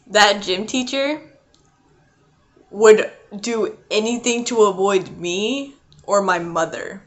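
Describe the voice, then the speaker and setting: A woman's voice: mid-range voice, slow. A young adult woman vlogging a casual storytime, rambling and chatty with lots of "like" and "um". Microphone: not her usual mic.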